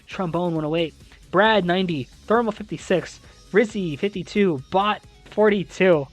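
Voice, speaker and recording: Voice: medium pitch, moderate pace, soft background music. A young adult host recapping a college esports league, reading scores and ranting with exasperated disbelief and casual swearing.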